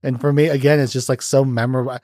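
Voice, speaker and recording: A man's voice: mid-range voice, little pitch movement, fast, darkish tone, no echo, studio quality. A man hosting a podcast in casual chat, recounting film scenes eagerly and laughing often. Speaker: podcast host.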